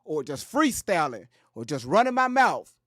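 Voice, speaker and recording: Man, commentary host, high-pitched, very lively, joking, profane slang, dry close sound. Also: normal speed, no room sound. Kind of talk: casual commentary.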